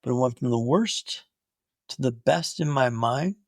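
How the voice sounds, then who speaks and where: A young man telling his own story in an animated way, with punchy short phrases. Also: mid-range voice, measured pace, no room sound, studio quality.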